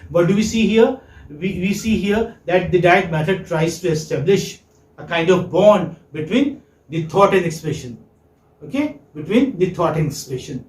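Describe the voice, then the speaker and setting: A man lecturing a class, asking questions and repeating each point. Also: high voice. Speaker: English teaching lecturer. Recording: echoey classroom.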